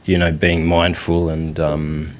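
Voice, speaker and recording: An Australian man being interviewed in a relaxed, rambling way with many fillers and frequent laughs. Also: extremely low pitch, slow pace. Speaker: interview guest. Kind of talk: casual interview chat. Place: indoors in India.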